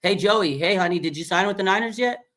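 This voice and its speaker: A man voicing a doting mother who nags her grown son on the phone, in a high sing-song voice. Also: fast, a bit bright, slight background noise. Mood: pleading.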